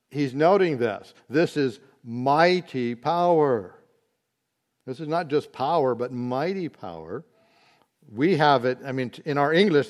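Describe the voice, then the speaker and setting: A man teaching a Bible study, explaining word meanings slowly and deliberately, with occasional fillers. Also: mid-range voice.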